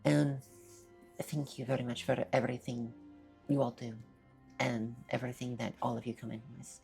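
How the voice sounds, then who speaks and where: A woman streamer in casual live-stream chat, soft-spoken, shy and stammering as she thanks her viewers. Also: very deep voice, little pitch movement, normal speed, vocal fry, soft background music.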